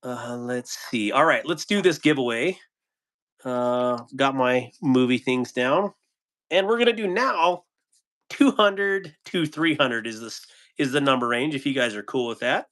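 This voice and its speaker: Male livestream host, casual and relaxed, mid-range voice, reads chat between chuckles. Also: mid-range voice, unhurried. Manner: laid-back, chuckles often, trails off with ums.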